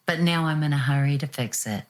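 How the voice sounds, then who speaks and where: Low-voiced New woman telling her story. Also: a little fast. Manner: animated, acts out quotes with laughs. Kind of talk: reflective personal storytelling.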